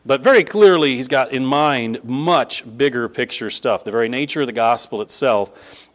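A man preaching a sermon in a conversational style that builds to emphatic, animated stress. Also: medium pitch, moderate pace. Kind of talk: sermon teaching.

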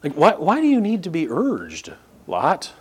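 Male pastor, sermon, animated, rhetorical questions, mock disbelief, lively intonation, church podium. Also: fairly high pitch, unhurried, husky. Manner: acts out incredulous reactions.

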